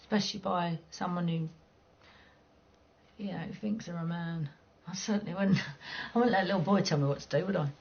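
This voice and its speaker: Gravelly blunt London woman. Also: on the low side, brisk, a little mellow, lo-fi sound. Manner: blunt, cheeky, swears freely. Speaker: game streamer chatting with viewers. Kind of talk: casual chat.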